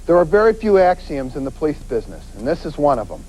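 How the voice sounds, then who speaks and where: Animated man giving a street-safety lecture. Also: on the high side, quick pace, poor audio. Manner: animated, acts out quoted voices, emphatic repetition. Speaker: police detective giving a safety talk. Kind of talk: lively crime-prevention lecture.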